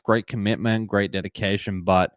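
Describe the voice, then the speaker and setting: A man's voice: fairly low pitch, fairly even intonation, normal speed, dry recording. Upbeat Australian man in his twenties. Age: 20s. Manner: upbeat, reads and greets chat viewers, repeats phrases. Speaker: livestream host. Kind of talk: live sports watch-party chat.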